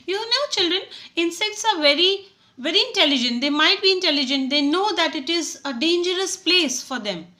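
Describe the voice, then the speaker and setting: A woman teacher, explaining a poem to schoolchildren in a halting way with many restarts. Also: extremely high pitch, lively intonation, pushed and bright.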